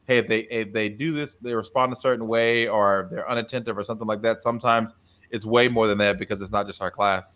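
A man telling a classroom story in casual podcast chat, acting out quoted lines with a raised voice. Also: lowish voice. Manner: animated, acts out quotes with a raised voice. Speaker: teacher and podcast co-host.

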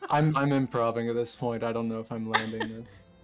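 A man's voice: mid-range voice, steady tone, fairly quick, music in the background. A man casually recapping a tabletop game session for his group, rambling and self-deprecating, laughing through his lines. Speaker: player giving the session recap.

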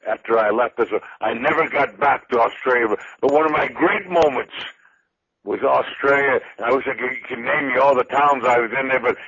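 An older man, a retired wrestler, spinning loud, boastful, folksy stories as a guest in an interview. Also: medium pitch, normal speed, lo-fi sound, crowd noise. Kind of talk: interview storytelling.

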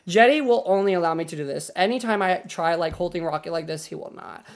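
A man's voice: sits high, quick pace, hardly any pauses. Young man streamer baby-talking his dogs. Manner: playful, lots of fillers. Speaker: game streamer. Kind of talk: casual live-stream chat.

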